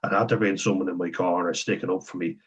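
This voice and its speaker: A man's voice: deep voice, fairly even intonation, fast, slightly rough. A young man in a candid, profane personal monologue, talking frankly and conversationally. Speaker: vlogger. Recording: dull lo-fi sound.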